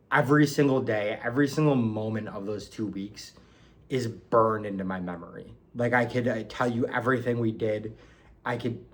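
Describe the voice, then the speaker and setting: A young man from New York telling a personal story in a casual, hesitant way, with many ums and restarts. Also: fairly low pitch. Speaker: book reviewer.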